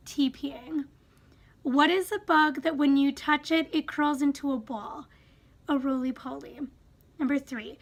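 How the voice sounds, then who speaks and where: A young woman from Wisconsin with a Wisconsin accent, casually reading through a word list and second-guessing how she says each word. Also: sits high. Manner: reads a word list, musing aloud and second-guessing her pronunciations. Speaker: vlogger.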